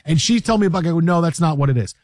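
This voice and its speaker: A man hosting a casual sports talk show, animated and joking, often repeating words. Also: a little high, rapid-fire, dry recording.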